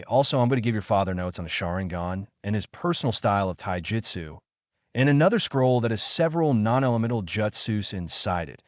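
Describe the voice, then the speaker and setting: A man voicing a kindly elderly village leader in a gentle, fatherly manner in a fan story reading. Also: on the low side, no echo, studio quality, close to an everyday voice.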